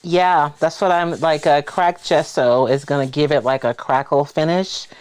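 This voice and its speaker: A man's voice: on the high side, fairly even intonation, normal speed, smooth. A man hosting a casual crafting livestream, explaining his plans as he works and thinking aloud. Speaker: crafter and host.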